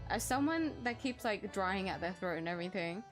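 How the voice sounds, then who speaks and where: A woman playing a story game, reading lines aloud and reacting with loud laughter. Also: medium pitch, fairly quick. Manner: excitable, laughs and squeals a lot. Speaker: gaming streamer. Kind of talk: let's play commentary with read-out dialogue. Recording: game music under the voice.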